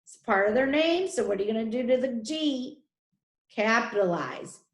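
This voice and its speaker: A woman teacher leading a spelling lesson for children, sounding out letters and syllables slowly and deliberately. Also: fairly high pitch, animated, reverberant.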